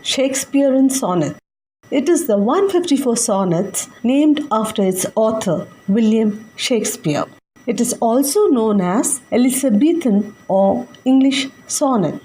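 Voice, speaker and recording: A young woman teacher explaining a literature lesson for exams, slowly and carefully. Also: fairly high pitch, lively intonation, warm tone, rough recording. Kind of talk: exam-focused literature lesson.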